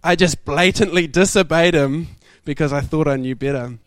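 A young man preaching a sermon, telling stories in a lively way and laughing often. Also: on the high side, moderate pace, dry recording. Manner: animated, laughing storyteller. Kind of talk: sermon storytelling.

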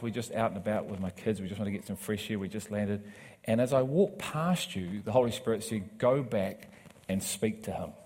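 A man preaching a sermon, telling a personal story with acted quotes and building to loud, emphatic preaching. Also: medium pitch, breathy edge.

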